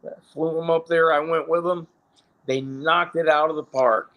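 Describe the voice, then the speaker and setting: This casual storytelling comes from a middle-aged man who used to wrestle professionally, his slightly high voice steady and at normal speed over phone-quality sound. He meanders, swears, and corrects himself frequently.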